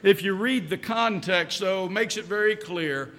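A man's voice: high-pitched, measured pace, bright, forceful tone, in a large hall. A man preaching a sermon as pastor in a church, emphatic, repeating key lines and asking rhetorical questions.

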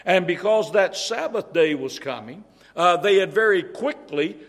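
A man preaching a sermon in a church, his voice sitting a little higher than most men's. He talks earnestly, repeating and restarting phrases to drive each point home. A long reverb trails his words through the hall. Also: lively intonation, a little slow, fairly bright tone.

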